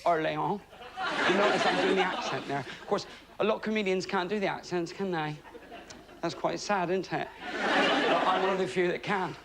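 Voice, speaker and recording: High-voiced comedian before a laughing crowd. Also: male voice, moderate pace, heavy background noise. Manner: self-deprecating, mock-grand patter. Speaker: stand-up comedian on a talent show. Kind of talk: stand-up comedy routine. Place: television studio stage. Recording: stage audio with loud audience laughter. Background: audience laughing.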